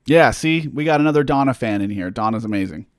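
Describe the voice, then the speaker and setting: A man's voice: medium pitch, animated, quick pace, no room sound, clean studio sound. A man chatting casually on a livestream, answering fan questions in a rambling way, with lots of fillers and self-deprecating jokes.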